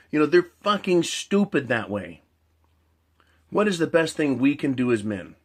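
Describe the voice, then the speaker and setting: A man's voice: mid-range voice, sing-song, moderate pace. A man ranting in a monologue. He swears a lot, repeats his points, builds long analogies and keeps asking "right?". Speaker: commentator.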